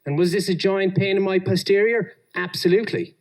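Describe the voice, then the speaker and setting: An Australian man speaking to an audience in a lively storytelling style, acting out the people he quotes. His voice sits slightly higher than most men's. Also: brisk. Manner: animated, acts out quoted people. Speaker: engineering leader giving a talk. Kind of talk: storytelling conference talk.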